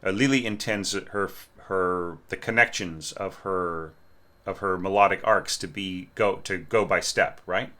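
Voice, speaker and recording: A man's voice: sits low, a little slow, pushed and bright. A man giving a casual spoken critique of a student's orchestration, often ending points with "right?" and singing phrases to show them. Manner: frequent "right?" tag questions, hesitant restarts, sings phrases. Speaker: orchestration teacher reviewing student scores.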